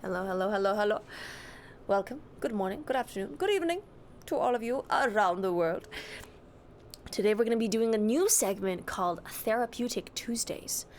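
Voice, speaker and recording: A woman's voice: mid-range voice, expressive, a little fast, a little mellow, a little hiss or hum. A young woman streamer chatting casually, greeting and answering her chat with a giggly, easygoing manner.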